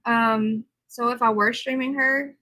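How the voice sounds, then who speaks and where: A woman's voice: fairly high pitch, steady tone, measured pace, bright, forceful tone, poor audio. A tired woman hosting a casual livestream, chatting and answering viewers' comments. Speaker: livestream host.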